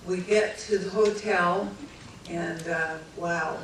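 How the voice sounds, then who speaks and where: Animated woman telling a story in an echoey hall. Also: on the low side, measured pace, noisy background. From California. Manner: animated, acts out quoted voices, laughs through her story. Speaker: speaker telling her story. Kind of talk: storytelling talk to an audience. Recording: echoey hall, mic from a distance.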